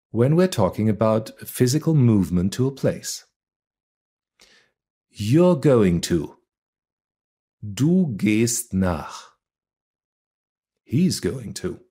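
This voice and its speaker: A man teaching a beginner language lesson, reading example words and sentences one at a time in a deliberate, scripted way. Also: medium pitch, dark tone, breathy edge.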